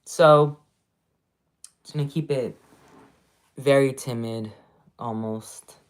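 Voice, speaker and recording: A woman with a slow, bass voice streams casually, chatting with her viewers. She rambles with many fillers, repeats herself and trails off mid-sentence.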